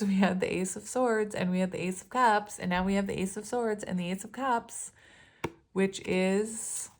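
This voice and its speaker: A woman giving a casual tarot reading to her viewers. She talks in a loose, rambling way, corrects herself often, and keeps breaking into giggles. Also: mid-range voice. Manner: loose and rambling, many ums and self-corrections. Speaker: tarot reader.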